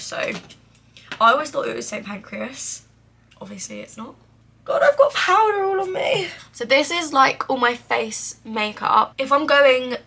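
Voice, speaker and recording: Rambling through a relaxed get-ready-with-me chat, this young woman, a beauty vlogger, peppers her talk with "like" and some cursing, muttering under her breath while putting on makeup. Her mid-range voice has vocal fry and sounds pushed and bright. A faint hiss or hum sits under the recording.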